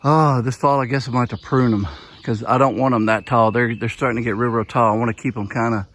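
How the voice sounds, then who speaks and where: A man's voice: medium pitch, steady tone, fast talker, a bit bright. Folksy Southern man rambling outdoors. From Southern United States. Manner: folksy and rambling, with frequent restarts. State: a bit out of breath from walking. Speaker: homesteader. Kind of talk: casual walk-around vlog. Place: outdoors on a rural homestead.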